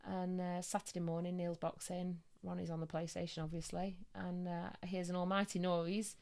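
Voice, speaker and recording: Woman guest, psychic medium, low-pitched, lively anecdotal delivery. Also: creaky. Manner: lively storyteller, quick bursts of laughter. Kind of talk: casual podcast chat.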